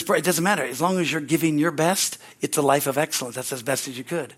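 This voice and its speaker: A man's voice: on the high side, fast. A male pastor preaching a sermon at a church service, exuberant and calling out hallelujahs.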